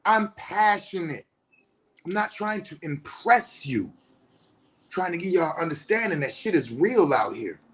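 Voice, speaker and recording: Aave-speaking counselor guy going off, cussing, passionate, gets loud. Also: a little high, very animated, unhurried. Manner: passionate, blunt, heavy swearing, rising to shouts. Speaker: spiritual teacher and counselor. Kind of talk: impassioned profane monologue.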